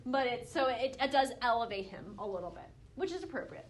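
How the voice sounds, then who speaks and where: A young woman with a slightly high voice leads a relaxed Bible study. She talks in a chatty, animated way, full of fillers and restarts, and acts out the quotes as she goes. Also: brisk, a little hiss or hum. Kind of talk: casual Bible study teaching.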